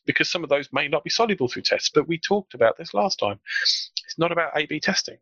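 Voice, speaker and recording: Bright-voiced man with a frog in his throat. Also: medium pitch, slightly rough, no echo. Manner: animated, acts out quoted colleagues. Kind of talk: casual panel discussion. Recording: dull, dry lo-fi recording.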